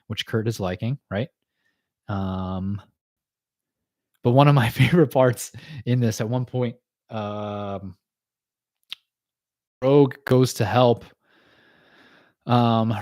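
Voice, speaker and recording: A man's voice: on the low side, a little mellow, no echo. Chatty man recapping cartoons, dry sound. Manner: chatty, laughs often, many fillers and quick asides. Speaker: podcast host. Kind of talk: casual livestream chat recapping cartoon episodes.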